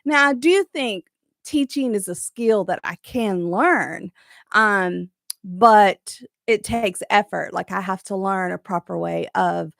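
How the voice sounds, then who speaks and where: A woman's voice: medium pitch, slow, vocal fry, fairly bright tone. A woman hosting a live crochet chat from her craft room at home, chatty, rambling and encouraging.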